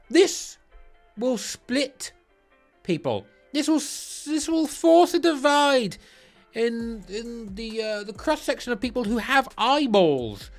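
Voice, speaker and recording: A man chats through a ranking of football kits in a loose, joking way, teasing himself as he goes. He trips over his words and starts over often, and his pitch swoops up and down. Music plays faintly behind him. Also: sing-song, takes it slowly. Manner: playful, giddy, self-mocking; restarts and stutters often. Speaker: football kit reviewer. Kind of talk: casual ranking commentary.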